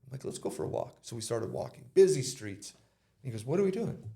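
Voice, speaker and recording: A man's voice: medium pitch, lively intonation, fairly quick, gravelly, warm tone. A man giving an interview, telling a personal story and retelling conversations in casual quoted speech. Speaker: interview guest.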